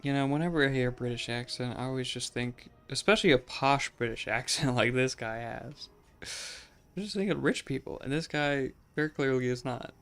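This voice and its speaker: A man's voice: medium pitch, a little fast, a bit bright, clear, resonant tone, soft background music. A man hosting a let's play, giving casual gameplay commentary in a chatty, musing way, often saying "like" and laughing.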